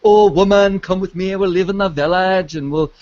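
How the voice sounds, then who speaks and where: A man's voice: sits high, moderate pace, darkish tone, natural voice. Casting: a man doing a hammy mock-Welsh romantic hero, crooning and over the top, lo-fi. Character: sappy romantic male hero proposing.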